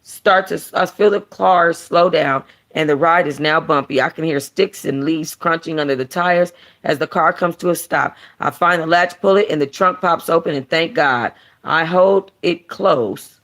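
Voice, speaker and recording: A woman hosting a book club, reading a novel aloud and then chatting casually in an animated, slangy way. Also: low-pitched, normal speed, few pauses. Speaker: book club host and reader.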